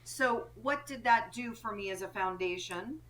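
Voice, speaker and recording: Bright clear woman, coach type, talking earnestly on a podcast. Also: medium pitch, unhurried, slight background noise. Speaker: co-parenting coach, guest. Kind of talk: conversational interview.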